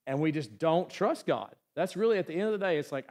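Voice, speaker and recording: Conversational male pastor, slightly high voice. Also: animated, quick pace, hardly any pauses, darkish tone. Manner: conversational, asks the room "right?" often; acts out quoted voices. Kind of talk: sermon. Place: church.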